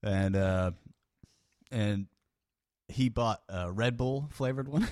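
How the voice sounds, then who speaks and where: A man hosting a podcast, telling chatty stories in a casual way with quick asides. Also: on the low side, darkish tone, no echo, studio quality. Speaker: podcast host. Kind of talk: casual chat.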